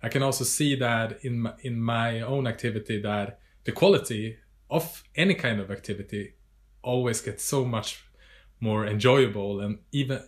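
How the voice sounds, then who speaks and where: A man's voice: mid-range voice, normal speed. A man on a video call talking casually and hesitantly, often repeating words and using fillers. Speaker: guest.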